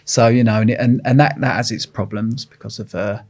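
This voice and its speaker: A man's voice: lowish voice, steady tone, fairly quick, a little mellow, slightly rough. A middle-aged man with an Essex accent, telling his story bluntly in an interview, swearing casually and restarting his sentences. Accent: Essex English. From England. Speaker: interview guest.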